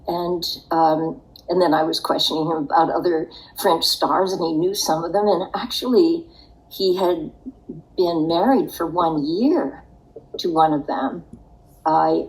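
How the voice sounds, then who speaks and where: A woman's voice: low-pitched, fairly even intonation, takes it slowly, low-quality recording. An older woman telling a personal story in a podcast interview, in a reflective, wry way. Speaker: interview guest.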